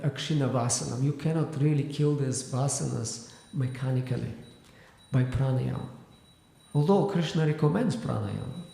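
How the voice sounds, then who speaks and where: A man's voice: mid-range voice, creaky, dark tone. A man teaching a scripture class, explaining at length with frequent fillers and restarts. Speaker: spiritual teacher. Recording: echoey hall with long reverb.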